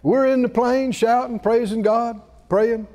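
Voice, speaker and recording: A man's voice: very high-pitched, steady tone, measured pace, warm tone. A male preacher delivering a sermon, telling a story with laughter and rising exclamations. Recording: reverberant hall.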